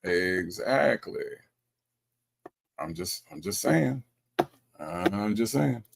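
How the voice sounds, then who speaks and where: Male show host, gravelly, swings up and down in pitch, teasing banter. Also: slow pace, noisy background. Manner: teasing, repetitive, animated. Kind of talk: casual commentary on a call recording.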